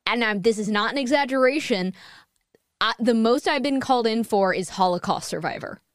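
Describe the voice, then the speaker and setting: Chatty american lady hosting a podcast, swears a lot, smooth clear voice, dry sound. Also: fairly high pitch, fairly quick, dry recording. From United States. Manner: animated, swears freely, acts out quoted voices. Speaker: podcast host. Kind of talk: casual chat.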